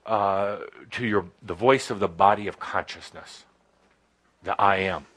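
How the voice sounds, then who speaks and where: A man giving a channeled spiritual talk to a live audience indoors, halting and full of pauses and fillers, with playful asides. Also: on the low side. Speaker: spiritual teacher channeling a guide.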